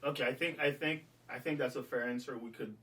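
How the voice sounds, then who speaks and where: A man hosting a casual chat, relaxed and joking, often stalling with fillers and repeated words. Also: medium pitch, fast talker, recorded from a distance. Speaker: host.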